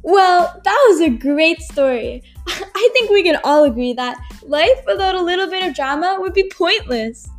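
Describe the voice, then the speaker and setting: A woman co-hosts the show in a high voice, reacting and laughing along with the story. Faint music plays behind her. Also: expressive, moderate pace. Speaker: podcast co-host. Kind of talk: casual podcast chat.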